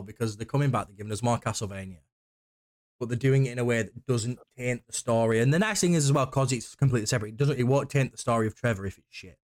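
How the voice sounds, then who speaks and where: A man co-hosting a podcast in casual chat, excitable and rambling, who swears casually. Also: medium pitch. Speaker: podcast co-host.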